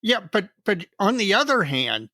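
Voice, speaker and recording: A man co-hosting a podcast in casual chat, easygoing and quick to laugh. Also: high-pitched, sing-song, sharp tone, no echo, studio quality. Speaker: podcast co-host.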